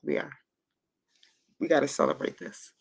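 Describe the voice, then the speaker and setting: A woman hosting a casual livestream, gushing and emotional, close to tears, who stammers and repeats herself. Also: moderate pace. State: moved to near tears. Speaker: livestream host.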